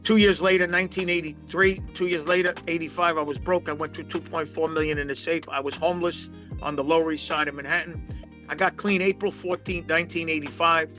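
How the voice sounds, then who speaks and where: A man's voice: on the high side, steady tone, fairly quick, pushed and bright, soft background music. A man, telling his life story as a guest in a long rambling interview, full of restarts. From Brooklyn, New York. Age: 60s. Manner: rambling, emphatic, many restarts. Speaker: poker pro guest.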